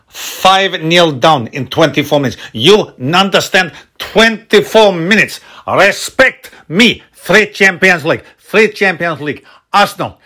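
A man's voice: a little high, bright, forceful tone, heavily acted. A man doing a boastful, arrogant football manager. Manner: broken English, grandiose self-praise, repetitive. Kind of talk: comic impression.

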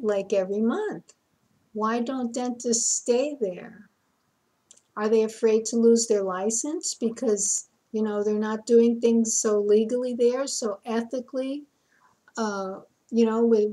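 A woman's voice: a little high, dark tone, husky, poor audio. A woman vlogging a personal story in a casual, aggrieved way, often repeating words.

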